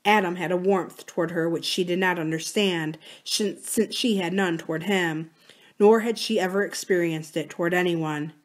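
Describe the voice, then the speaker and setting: A woman, a library book reader, narrating a novel aloud calmly and steadily. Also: fairly low pitch, moderate pace.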